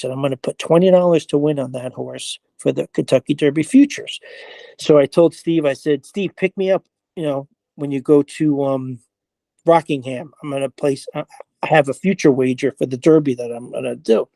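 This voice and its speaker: A man, an interview guest who plays horses, telling a story in a casual, animated way. He acts out what other people said and swears now and then. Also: a little high, normal speed, creaky, no room sound. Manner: animated, acts out quoted voices, frequent "I was like", mild swearing.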